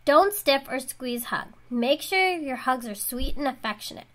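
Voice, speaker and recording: A woman's voice: high voice, animated, moderate pace, over music. A young woman narrating mock self-help steps in a chirpy, instructional way. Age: young adult.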